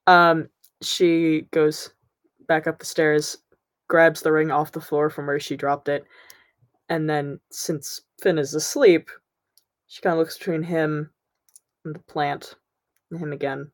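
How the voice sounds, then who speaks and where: Female tabletop player, low voice, hesitant stammering narration. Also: little pitch movement, takes it slowly, pauses often. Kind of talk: in-character play and narration.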